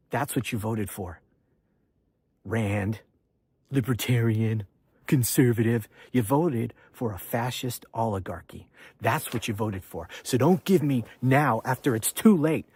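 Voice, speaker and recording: A man launches an angry political monologue, accusing and hammering the same refrain over and over. His voice sits at a middle pitch with a husky, slightly rough texture. The sound is dry and close, with no room around it. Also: a little mellow, no room sound. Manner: indignant, accusatory, repeated refrains. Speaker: political commentator host. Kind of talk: angry political rant to camera.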